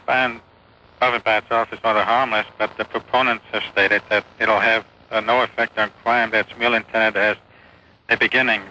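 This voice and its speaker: Hesitant male caller, very bright sharp tone, many pauses, hissy AM radio. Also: on the low side. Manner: hesitant, full of uh, rambling. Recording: hissy AM radio phone call.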